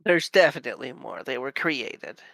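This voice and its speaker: Bright, dry-voiced man playing. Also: mid-range voice, animated, normal speed, gravelly, no room sound. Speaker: player. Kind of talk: tabletop game role-play.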